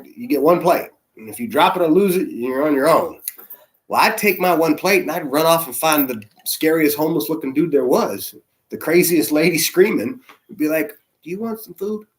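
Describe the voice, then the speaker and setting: This medium-pitched man is a church's senior spiritual leader delivering a storytelling sermon. His preaching is conversational and animated, sprinkled with soft asides.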